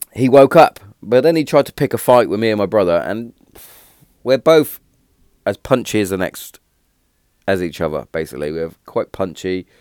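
Deep-voiced man telling stories. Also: clean tone, dry recording, clean studio sound. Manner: rambling, animated when telling a punchline, frequent restarts and fillers. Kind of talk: casual storytelling.

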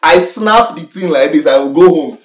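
Animated young preacher man. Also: normal speed, soft background music. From Nigeria. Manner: animated, exhorting, with sudden swings in pitch and loudness. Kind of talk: sermon. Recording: roomy echo, mic from far off.

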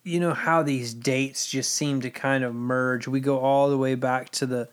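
A man's voice: mid-range voice, fairly even intonation, a little slow, smooth. Wry man making sarcastic asides in chat. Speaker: podcast co-host. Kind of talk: casual chat.

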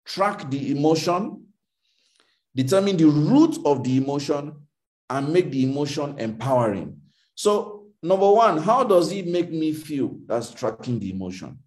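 Animated male life coach, emphatic teaching. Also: a little slow. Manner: animated, acts out quoted dialogue with big pitch jumps; emphatic and repetitive, faith-infused. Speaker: coach answering audience questions. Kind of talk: motivational teaching session.

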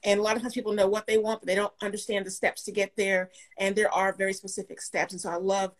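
A woman's voice: medium pitch, little pitch movement, fast talker, low-quality recording. Woman guest who laughs a lot. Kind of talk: casual chat.

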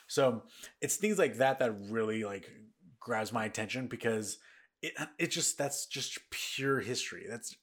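A man's voice: medium pitch, fairly bright tone. A man hosting a casual podcast, talking in a rambling way with lots of restarts and repeats, tired and yawning. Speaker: podcast host. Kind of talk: casual news chat.

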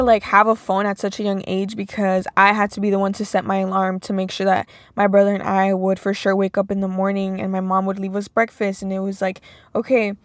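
A woman's voice: mid-range voice, dry recording. A young woman hosting a podcast, talking casually and emotionally about her past with lots of "like"s. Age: young adult. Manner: casual, emotional, filler-heavy with many "like"s. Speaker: podcast host. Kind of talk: personal monologue.

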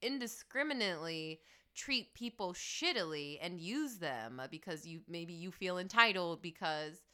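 A woman co-hosting a casual movie review podcast, animated and swearing casually. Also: on the low side, a little slow, clean tone. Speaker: podcast co-host.

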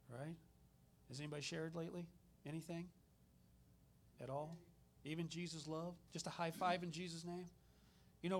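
A middle-aged minister delivers a conversational sermon built on personal stories, animating each retelling. His voice is pitched a little high.

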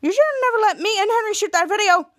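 A woman's voice: very high voice, fast talker, no room sound, studio quality, pitched above the performer's own voice. A woman voicing a boastful, childish grown superhero, quoting his lines smugly.

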